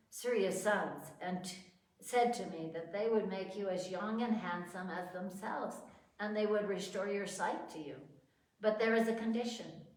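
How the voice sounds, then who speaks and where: A woman's voice: on the low side, close to an everyday voice. A woman reading aloud as a chaste young princess married to a sage, speaking earnestly, heard from far off in an echoey room. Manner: earnest, pleading. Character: chaste young princess, a sage's devoted wife.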